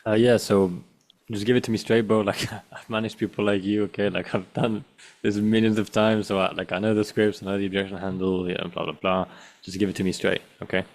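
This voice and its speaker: A brash, impatient sales prospect who knows it all, as a man plays him in a role-play. He talks fast and low, in a flat, dismissive drone, and keeps pushing to skip ahead. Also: creaky. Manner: dismissive, impatient, repeats demands. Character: pushy know-it-all male sales prospect.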